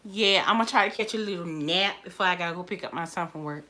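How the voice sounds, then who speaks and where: A woman's voice: fairly low pitch, fast talker, sharp tone. A woman chatting casually on a live stream, emotional and repetitive. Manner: emotional, chatty, repeats herself. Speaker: livestreamer.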